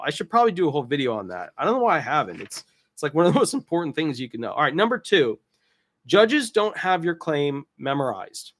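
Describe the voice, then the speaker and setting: A man who works as a disability attorney, explaining rules in a casual, rambling way with jokey asides and restarts. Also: a little high.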